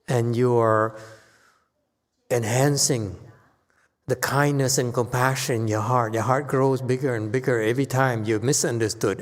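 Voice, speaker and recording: A man, a Buddhist master, giving a Dharma talk in an emphatic, sometimes playfully teasing way. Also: medium pitch. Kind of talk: sermon. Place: temple hall. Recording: long hall reverb.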